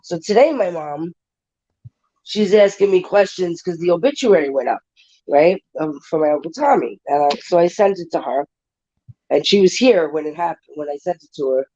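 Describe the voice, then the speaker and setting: A woman's voice: lowish voice, animated, moderate pace, dark tone, lo-fi sound. A woman hosting a casual livestream chat. She talks bluntly and emotionally and swears freely. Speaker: livestream panel host.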